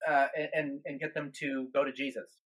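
A man's voice: medium pitch, little pitch movement, a little fast, a bit bright. A man who is a guest minister on a podcast, telling a story in an earnest way, with many restarts and repeated words.

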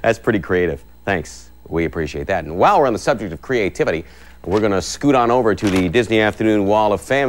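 A man from Canada hosting a live local children's TV block, chatty and upbeat, reading out viewers' names. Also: sits low. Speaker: TV host. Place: TV studio.

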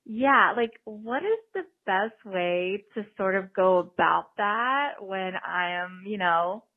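A woman's voice: medium pitch, animated, takes it slowly. A woman calling in to a podcast, bubbly, chatty and a bit cheeky. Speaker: caller. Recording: tinny phone line.

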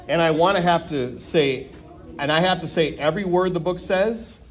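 Lively man reading to kids. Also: a little high, moderate pace. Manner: animated, playful, mock-protesting; gleeful nonsense sounds. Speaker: storytime reader. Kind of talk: reading a children's book aloud.

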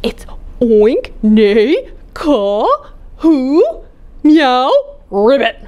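A woman voicing a friendly, chatty frog in a picture-book reading, a little lower than her own voice. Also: lively intonation, drawn-out words, mellow, heavily acted.

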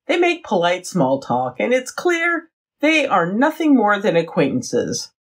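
A woman recaps a TV episode for her podcast at an unhurried pace, laughing as she reacts. Her voice is a little husky and moves widely in pitch. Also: huge pitch swings. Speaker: podcast co-host. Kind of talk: casual recap chat.

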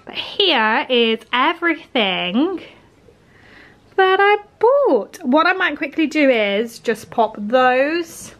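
A woman's voice: high-pitched, very animated, takes it slowly, fairly bright tone. A woman, chatting casually through her day for a home vlog. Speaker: vlogger. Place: home kitchen, indoors. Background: household appliances humming.

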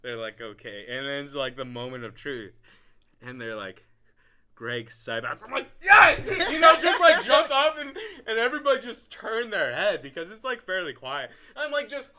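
Telling an animated story as a podcast co-host, a young man talks casually at a moderate pace in a medium-pitched voice. He leans heavily on fillers and frequently bursts into loud laughs.

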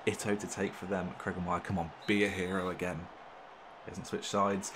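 A young man commentating his football management game, excitable and exclaiming when things go his way. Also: low-pitched, normal speed, slight background noise. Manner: excitable, swearing mildly in exclamations. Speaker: gaming channel host. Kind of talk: gameplay commentary.

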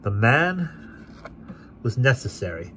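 A man voicing a kindly, thoughtful guardian who speaks in a gentle, measured way. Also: medium pitch, big pitch swings, a little hiss or hum, pitched above the performer's own voice.

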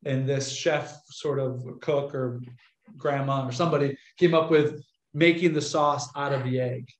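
A young American man, a Catholic priest, telling stories to an audience in a chatty, animated way and acting out the voices of people he quotes. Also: medium pitch, a little slow. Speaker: Catholic priest giving a talk. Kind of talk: casual storytelling lecture. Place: room with an audience. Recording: echoey lecture room.

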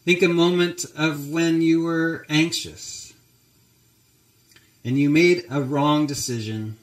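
A man's voice: a little high, fairly even intonation, slow. A male pastor preaching a sermon, telling a story and addressing the congregation directly. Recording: roomy church echo.

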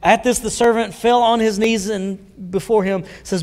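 Pastor, male, high-pitched, preaching conversationally with questions to the room, long church-hall echo. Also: moderate pace, darkish tone. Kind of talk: sermon. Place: church sanctuary.

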